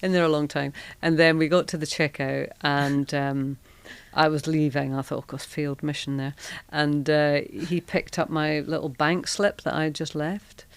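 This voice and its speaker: A woman's voice: low voice, fairly even intonation, normal speed, few pauses, clean tone, no echo. A middle-aged woman with a Scottish accent, a podcast guest telling frank, self-deprecating anecdotes in a chatty way. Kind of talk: candid conversational storytelling.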